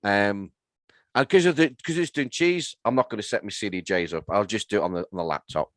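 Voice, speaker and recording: Low-voiced man telling dry stories. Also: fairly quick, fairly bright tone, dry recording. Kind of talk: casual podcast chat.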